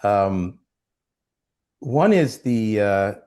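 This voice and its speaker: A man with a fairly low voice tells behind-the-scenes stories in an interview. He talks casually, with restarts, and acts out what people said. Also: very slow, smooth. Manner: animated storyteller, acts out quotes. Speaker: actor guest. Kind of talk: storytelling interview.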